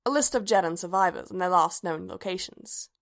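A woman voicing a deadpan male droid. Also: fairly low pitch, fairly quick, vocal fry. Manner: flat, matter-of-fact delivery.

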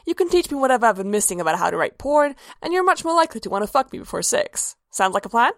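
A woman's voice: a little high, very animated, quick pace, dry recording, voice pushed up. A woman voicing a playful, flirtatious male demon prince with a brash, teasing manner, recorded dry and close.

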